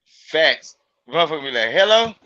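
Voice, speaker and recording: A man from Mississippi talks loosely and profanely, circling back to repeat his points. His voice is forceful and bright, pitched a little high. The recording sounds muffled and lo-fi. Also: lively intonation, moderate pace. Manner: profane, emphatic, repeats himself to drive a point home. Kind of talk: casual chat.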